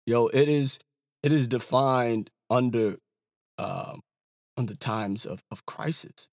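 A man's voice: mid-range voice, no echo, studio quality. A man giving heated political commentary, emphatic and repeating himself, with casual slang.

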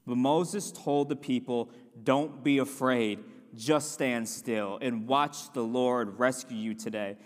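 A man's voice: mid-range voice, slow pace, few pauses. Earnest young man preaching in a hall. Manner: earnest, personal testimony with rising emphasis. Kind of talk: sermon. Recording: long hall reverb.

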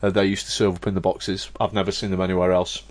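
A man's voice: deep voice, little pitch movement, quick pace. A man, in casual podcast chat, easygoing and prone to repeating himself. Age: 40s.

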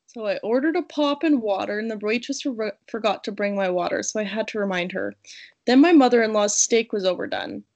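A woman co-hosting a casual chat, reading restaurant reviews aloud and laughing between lines. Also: a little high. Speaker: podcast co-host reading reviews.

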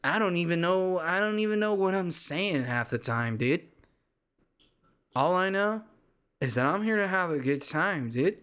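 Man doing a drawling California surfer bro, pitched high, all dude and bro. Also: animated, measured pace, a bit bright, smooth. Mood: ranting. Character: laid-back young male California surfer dude, easily fired up. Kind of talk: comic impression on a podcast.

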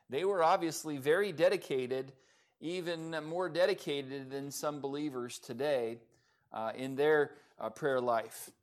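A man preaching a sermon at a church service, talking in a conversational way with many fillers and restarts. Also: a little high. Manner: conversational, many fillers, self-described sarcastic. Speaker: pastor. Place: church in Oklahoma.

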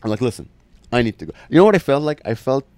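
Fast, animated male podcast storyteller. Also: medium pitch, no room sound. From Arab background. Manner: animated storyteller acting out other people's lines. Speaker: podcast co-host. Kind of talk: casual storytelling chat.

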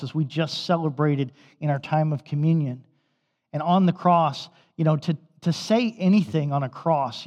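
A man's voice: fairly high pitch, a little mellow. Man preaching in a reverberant church. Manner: storytelling, conversational preaching. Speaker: pastor. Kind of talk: sermon. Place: church sanctuary. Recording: dull recording with long hall reverb.

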